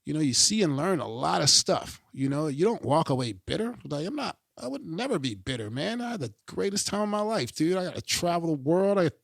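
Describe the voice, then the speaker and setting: Gravelly, animated middle-aged man. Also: on the high side, fairly quick, few pauses, no room sound, studio quality. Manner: animated, emphatic, swears freely, keeps asking "you know what I mean". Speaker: podcast guest, pro skateboarder. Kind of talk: casual interview chat.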